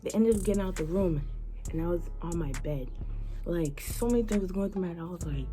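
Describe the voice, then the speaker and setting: A young woman vlogger telling a personal story in a casual, animated way, full of slang and fillers. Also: lowish voice, fairly quick. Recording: music playing behind her.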